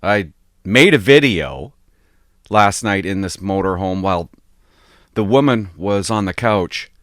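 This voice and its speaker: A man doing emotional vlog commentary from his motorhome, telling his story in an animated way. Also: sits low, a little slow, no echo, clean studio sound. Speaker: online commentator.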